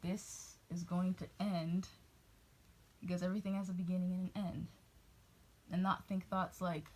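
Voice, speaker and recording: Rambling, husky-voiced woman vlogger. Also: lowish voice, level tone, moderate pace, long pauses. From New England, US. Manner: rambling, tangential, self-interrupting. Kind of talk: casual vlog monologue.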